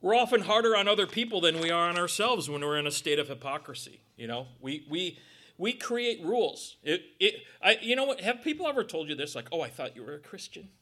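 A man's voice: sits high, expressive, brisk, sharp tone. A man preaching a conversational sermon as pastor, joking and acting out quotes and little sounds as he goes.

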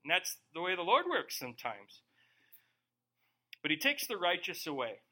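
A man's voice: high voice, wildly swooping pitch, moderate pace, pushed and bright. A male pastor teaching verse by verse in a conversational way, acting out quoted voices.

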